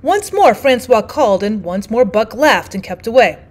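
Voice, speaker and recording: A woman reads a classic novel aloud for students, her voice sitting slightly high. Her narration is steady and clear, carrying the story at an even storytelling pace. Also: normal speed. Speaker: teacher reading aloud. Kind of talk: audiobook narration.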